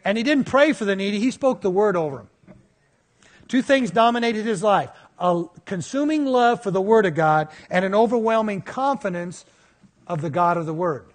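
Male preacher, 50s, high-pitched, animated sermon storyteller. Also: normal speed.

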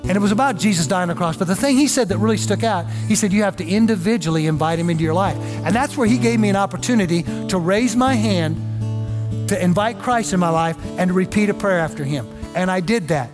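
A man's voice: high-pitched, quick pace, music in the background. A middle-aged male pastor preaching a sermon, telling a story earnestly and building it to emotional peaks. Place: church.

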